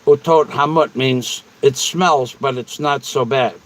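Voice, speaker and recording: Slow-talking, rambling man on a livestream. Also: medium pitch, low-quality recording. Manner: rambling and repetitive. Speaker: livestream host. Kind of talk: casual livestream chat, answering viewers.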